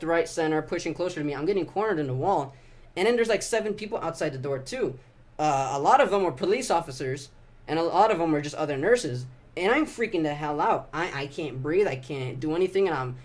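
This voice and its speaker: Young man telling a painful story. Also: fairly high pitch. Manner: halting, emotional, profane, many restarts. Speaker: vlogger. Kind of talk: personal confessional storytelling.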